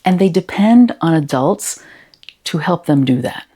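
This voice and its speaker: A woman giving a talk to educators, explaining gently and asking the listener questions. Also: low voice, animated, measured pace, slightly rough. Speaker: educator and consultant.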